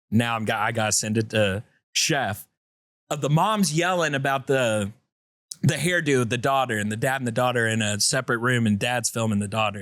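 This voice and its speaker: A man hosting a podcast in casual chat, joking and chiming in quickly. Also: no room sound, clean studio sound. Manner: jokey, quick interjections, lively pitch. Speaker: podcast host.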